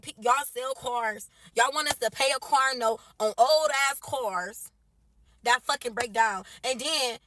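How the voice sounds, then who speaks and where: A woman's voice: fairly high pitch, sharp tone, a little hiss or hum, low-quality recording. A young woman, a mother from the United States, venting tearfully and with heavy swearing into her phone camera from her car. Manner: profane, exasperated, tearful venting. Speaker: mother posting a social media video.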